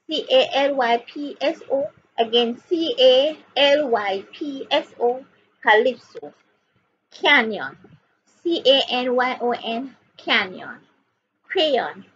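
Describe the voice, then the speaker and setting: Jamaican woman, reading teacher, a little high and sharp, spells slowly letter by letter, slightly muffled recording. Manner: spells words letter by letter, repeats words and questions. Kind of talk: slow spelling and reading lesson. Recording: dull lo-fi audio with faint background noise.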